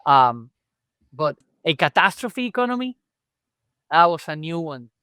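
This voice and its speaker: A man's voice: a little high, big pitch swings, unhurried, pushed and bright, clean tone, no room sound. A chiropractor guest telling his story in a conversational podcast interview, acting out remembered dialogue as he goes.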